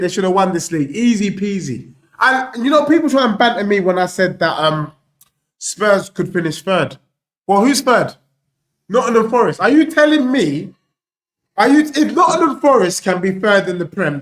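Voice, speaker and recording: A young man hosting a live football watchalong, bantering excitedly and reading out viewer messages. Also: high-pitched, moderate pace. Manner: excitable, animated banter, reads out super chats.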